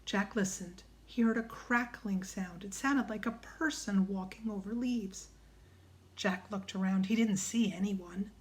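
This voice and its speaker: A woman reading a children's storybook aloud, hushed in quiet passages. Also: mid-range voice, measured pace. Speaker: audiobook narrator.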